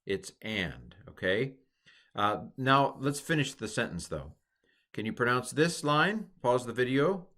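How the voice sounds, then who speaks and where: A man teaching a recorded language lesson, patiently quizzing the learner and pausing for answers. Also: medium pitch, big pitch swings, sharp tone.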